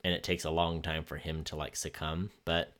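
A man's voice: very deep voice, level tone, moderate pace, a bit bright. A man co-hosting a podcast in casual chat, talking in a rambling, laid-back way with plenty of fillers. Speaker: podcast co-host.

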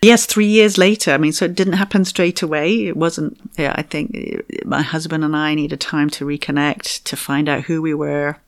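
In an interview, a middle-aged fertility coach candidly shares her story, giggling, animated, and voicing what she used to think. She speaks low at a moderate pace, hardly pausing.

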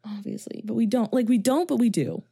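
A young woman gives her frank take on a movie in casual chat. Her voice is dark and mellow, and she laughs easily. The recording is dry and close. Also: a little high, vocal fry, slightly rough, no room sound. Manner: blunt, opinionated, quick to laugh.

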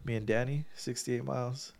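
A man's voice: medium pitch, steady tone, moderate pace, vocal fry, darkish tone. A man chatting casually on a podcast, swearing freely and laughing as he tells a story, with a congested nose after surgery. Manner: profane, storytelling, laughs often. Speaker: podcast co-host. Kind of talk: casual chat.

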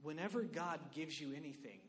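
A man preaching a sermon in an animated, conversational way, often checking in with his listeners. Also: fairly high pitch, a little fast, big-room sound. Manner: animated, conversational, lots of "right?" and "like".

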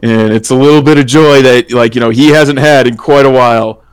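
A man playing in a tabletop role-playing game, talking in a relaxed, rambling way and laughing often. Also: medium pitch, a little fast, smooth. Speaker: player.

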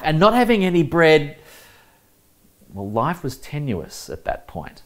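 A man's voice: fairly high pitch, huge pitch swings, unhurried. A man with an Australian accent preaching a sermon while baking bread, earnest and emphatic, speaking straight to his listeners.

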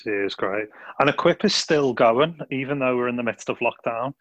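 A man's voice: medium pitch, moderate pace, dry recording, highs cut off. Chatty Scouse man hosting. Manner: friendly, filler-heavy, upbeat. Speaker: youth podcast host. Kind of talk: casual podcast chat.

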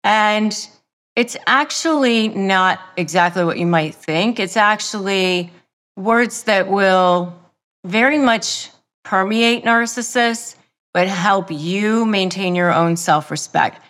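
Slow, deliberate woman giving advice. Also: medium pitch, fairly bright tone. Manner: slow, deliberate, repeats phrases for emphasis. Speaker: podcast host. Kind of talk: self-help advice monologue.

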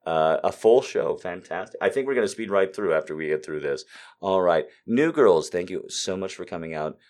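A man's voice: deep voice, expressive, normal speed. Rambling sardonic man hosting a live show. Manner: rambling, sardonic, jumps between loud and quiet. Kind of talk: casual live-stream chat.

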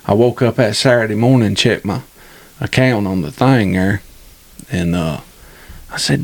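A man's voice: fairly low pitch, moderate pace, creaky, pauses often. A middle-aged man, chatting casually and teasing on a podcast. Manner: drawling, teasing, Southern slang. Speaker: podcast co-host, father. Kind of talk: casual chat.

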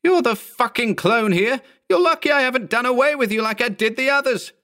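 Brief: male narrator playing a frantic thirty-something loner, high-pitched, loud, swearing and yelling. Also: animated, moderate pace, creaky, heavily acted. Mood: angry. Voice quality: shrill, swearing yells. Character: panicked balding thirty-year-old man, foul-mouthed.

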